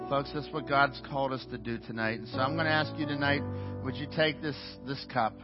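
A man preaching as pastor in a church sanctuary, earnest, often restarting and repeating words. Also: mid-range voice. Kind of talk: sermon. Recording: dull, muffled sound with faint music.

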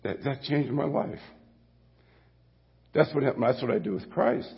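A man's voice: mid-range voice, animated, moderate pace, gravelly, long pauses, husky. An older man, preaching a sermon as a guest pastor in a church, folksy and rambling, with restarts and storytelling asides. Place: church sanctuary. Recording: muffled church recording with long hall reverb.

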